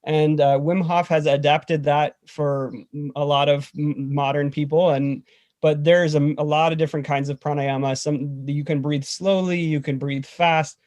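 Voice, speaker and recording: A man guest explaining a breathing meditation in a relaxed, rambling way, full of "like". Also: fairly high pitch, moderate pace, no room sound. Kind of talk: casual video-call chat and instruction.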